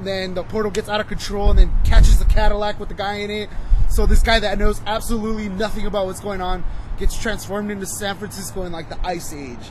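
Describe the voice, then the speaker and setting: A man's voice: high voice, steady tone, a little fast. A man in his twenties co-hosting a podcast, casually recommending a show in a rambling, profane way, full of "you know" fillers. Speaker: podcast co-host. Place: outdoors near traffic. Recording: wind noise and clipping outdoors.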